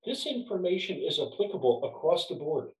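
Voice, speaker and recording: A man who works as a leadership trainer, chatting as a podcast guest and telling workplace stories in a warm, storytelling way. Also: on the high side, very animated, a little fast, far from the mic. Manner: storytelling, warm, restarts words. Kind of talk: casual podcast chat. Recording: roomy, off-mic sound.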